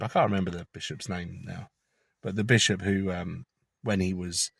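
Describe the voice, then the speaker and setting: Man, low voice, dry close sound, chatty conspiratorial car vlog rant. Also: fairly even intonation, moderate pace, creaky, husky, no room sound. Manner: chatty, conspiratorial, swears casually. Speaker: vlogger. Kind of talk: rambling opinion monologue.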